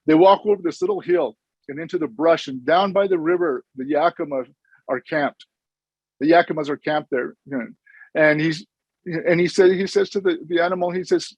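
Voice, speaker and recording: A man's voice: on the high side, brisk, a little mellow, husky, no echo, lo-fi sound. A middle-aged man, a social worker, giving an earnest, informal conference presentation with stories and frequent restarts.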